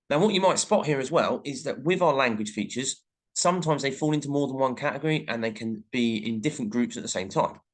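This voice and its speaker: A man with an ordinary mid-range voice talks through a recorded English lesson. He explains each point steadily and reads short example sentences aloud along the way. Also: medium pitch. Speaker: teacher.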